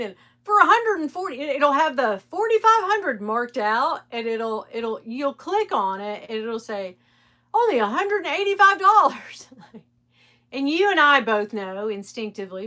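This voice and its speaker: Reselling designer bags on a casual live stream, a talkative middle-aged woman addresses her viewers straight on in a slightly high, bright, forceful voice. She's candid, laughs a lot, and cusses without holding back.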